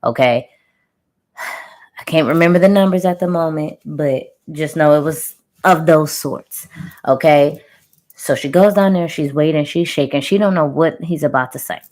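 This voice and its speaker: A woman's voice: deep voice, normal speed, a little mellow. A woman reading a channeled story to her viewers in casual chat, with playful sound-effect words tossed in. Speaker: spiritual reader telling a channeled story.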